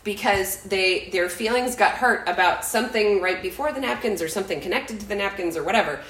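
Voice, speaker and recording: A woman's voice: medium pitch, a little fast, a bit bright, reverberant, poor audio. A woman in her forties co-hosting a podcast, telling a story in a rambling, self-interrupting way with frequent laughs. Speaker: podcast co-host. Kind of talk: casual chat, storytelling.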